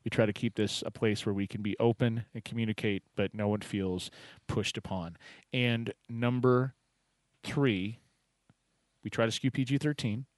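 A man's voice: on the low side, fairly even intonation, moderate pace, dry recording. A man hosting a poetry open mic call-in show, chatty and welcoming, with frequent fillers.

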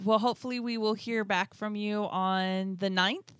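A woman host chats warmly and easily with callers and co-hosts, her voice smooth and clear, and she laughs a lot. The sound is dry and close to the mic. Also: medium pitch, steady tone, normal speed, dry recording. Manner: chatty, affectionate, laughs often. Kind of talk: casual chat.

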